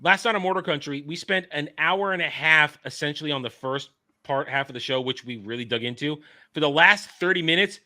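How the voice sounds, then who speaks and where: A man hosting a casual commentary podcast, talking in an animated, sarcastic way and mocking what others say. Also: a little high, a little fast. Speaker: podcast host.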